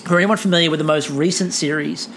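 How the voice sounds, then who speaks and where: A woman's voice: deep voice, steady tone, fast talker, fairly bright tone, slight background noise. A woman, hosting a casual chat podcast in a rambling, playful way. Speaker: podcast host.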